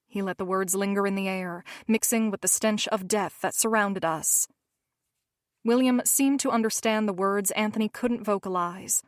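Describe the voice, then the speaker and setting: A woman narrating a romance novel in first person, measured and steady. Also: mid-range voice, no echo, clean studio sound. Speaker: audiobook narrator.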